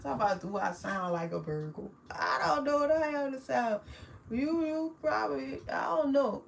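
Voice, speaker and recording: Chatty New woman, fairly high voice. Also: animated, moderate pace, vocal fry, slight background noise, rough recording. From New Orleans, Louisiana. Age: 40s. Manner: chatty and affectionate, calls viewers baby, laughs often. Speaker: livestream host. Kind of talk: casual livestream chat with viewers.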